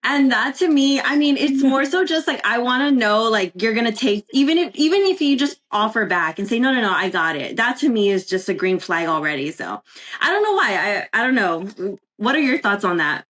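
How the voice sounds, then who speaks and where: A woman's voice: fairly high pitch, animated, fairly quick, a bit bright. A woman with a Texan accent talks as a podcast guest. Her speech is easygoing and chatty, full of little fillers. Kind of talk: casual chat.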